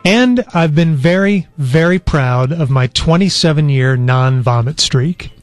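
A man in his forties hosts a radio show through a studio microphone, his fairly high voice animated yet a little slow. Weak and worn out after illness, he tells a long story in an easygoing, chatty way. The sound is dry with no room echo, with soft music playing behind him.

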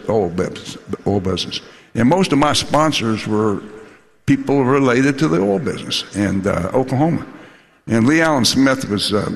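An older man with a drawl tells folksy, salty anecdotes to an audience, stumbling and restarting as he goes. His voice sits low with a gravelly fry, and it rings out with a long hall reverb. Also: a little hiss or hum. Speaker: former football coach telling stories. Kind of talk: storytelling to a live audience.

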